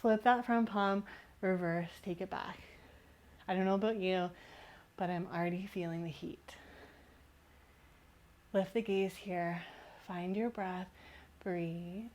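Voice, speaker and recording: A woman instructor giving calm, encouraging yoga cues while moving, slightly out of breath. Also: on the low side, takes it slowly, pauses often, a little hiss or hum. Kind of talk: guided yoga class cues.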